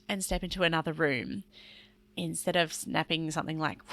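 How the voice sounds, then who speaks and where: A woman talks alone into the mic as a podcast host, in a low-pitched voice. Her tone is earnest and explanatory, loose and chatty, with a gravelly edge of vocal fry. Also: fairly even intonation, measured pace, fairly bright tone, dry recording. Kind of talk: solo podcast monologue.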